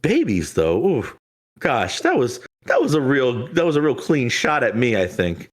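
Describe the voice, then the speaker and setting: A man voicing a gentle, wry male deity in a tabletop game, soft-spoken and given to flustered jokes. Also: mid-range voice, wildly swooping pitch, moderate pace, voice pushed up.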